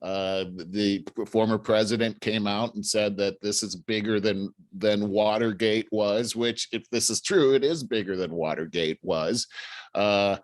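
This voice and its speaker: A man's voice: fairly low pitch, a little slow, dry recording. A man hosting a podcast, recounting news in a casual, hesitant way with many fillers. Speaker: podcast host.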